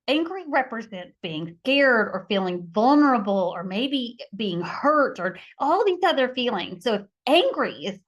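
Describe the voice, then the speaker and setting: A middle-aged woman, a mediator and instructor, talks through conflict skills in an emphatic teaching manner. Her voice sits slightly high, and she drives points home by repeating key phrases. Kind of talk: podcast teaching talk.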